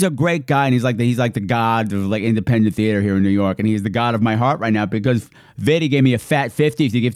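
A man's voice: mid-range voice, fast talker, a little mellow, no room sound, studio quality. A man hosting his podcast, reading out thank-yous in a playful, giddy way with hammy announcer flourishes. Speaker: podcast host. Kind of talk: casual thank-you shout-outs.

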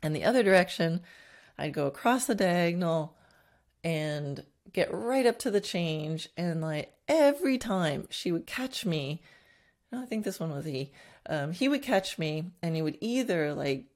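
A woman horse trainer talking to her students in a reflective, teaching way, with soft laughs and restarts. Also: on the low side, lively intonation, a little slow. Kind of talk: teaching talk.

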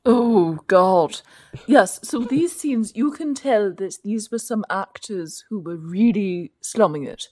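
A woman's voice: mid-range voice, expressive, slow pace, darkish tone, dry recording, clean studio sound. A woman co-hosting a casual film review chat, giving fluent, sardonic critique in long sentences. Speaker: podcast co-host.

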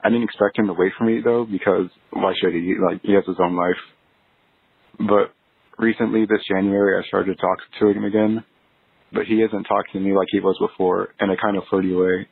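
A caller from Texas leaving an earnest voicemail asking for relationship advice, heard over a phone line. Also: male voice, deep voice, brisk, vocal fry, husky, no room sound. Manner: earnest, steady telling of a personal story.

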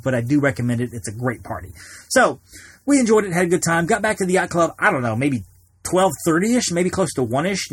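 Fast-talking husky man telling a story. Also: medium pitch. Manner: rambling, animated anecdote with many restarts. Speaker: podcast host. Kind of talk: casual storytelling.

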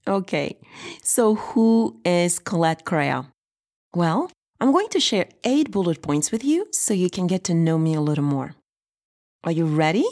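A woman's voice: fairly low pitch, big pitch swings, a little slow, a little mellow. Upbeat woman with a slight French accent. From France. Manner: upbeat and encouraging. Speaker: podcast host. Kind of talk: faith podcast talk.

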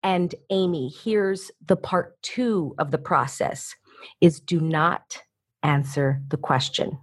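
Husky, energetic woman coach. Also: sits low, slow pace. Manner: energetic, acts out voices in quotes. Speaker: guest coach. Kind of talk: animated interview talk.

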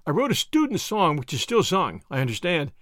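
A man narrating memoir recollections aloud in an animated, expressive storytelling manner. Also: fairly high pitch, a little fast, no room sound, studio quality.

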